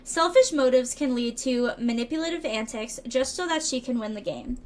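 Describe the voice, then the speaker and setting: A woman's voice: high-pitched, moderate pace. A woman streaming a tarot reading, reading card meanings aloud and chatting playfully with her viewers, often tripping over words and laughing at herself. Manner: chatty, playful, reads card texts aloud and riffs with chat.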